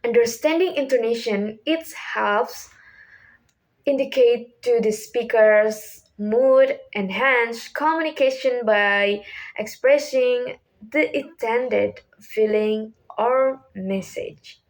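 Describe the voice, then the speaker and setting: A young woman presents a class topic in a slow, deliberate way, correcting herself now and then. Her voice sits a little high, and she takes her time over each phrase. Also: low-quality recording. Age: young adult. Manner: slow, careful, learner's phrasing with self-corrections. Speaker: student presenter.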